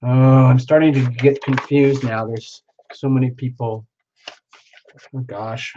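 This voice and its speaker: A man's voice: mid-range voice, fairly even intonation, a little slow. Chatty man on a lo-fi live stream. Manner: chatty, self-talking, reads out viewer names. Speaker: tarot reader hosting a live stream. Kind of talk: casual live-stream chat with viewers. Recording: dull lo-fi sound with faint background noise.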